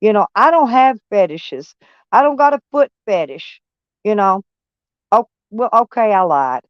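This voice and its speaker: A woman's voice: mid-range voice, lively intonation, measured pace, no room sound. A woman chatting casually on a live stream in a blunt, drawling way, often repeating herself. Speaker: van life vlogger. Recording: dull lo-fi sound.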